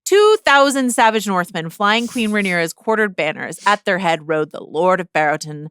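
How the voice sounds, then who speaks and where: A woman co-hosts a podcast in loose, casual chat, cursing freely and breaking off to read passages aloud. Her voice is bright and forceful, swinging widely in pitch. The sound is dry and close. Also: lively intonation, moderate pace, clear, resonant tone, no room sound. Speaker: podcast co-host.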